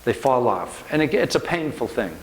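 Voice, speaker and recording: A man's voice: mid-range voice, big pitch swings, normal speed, a little hiss or hum. A middle-aged American man giving a motivational speech to a room, telling stories earnestly with emphatic repetition. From United States. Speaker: motivational speaker. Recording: echoey room.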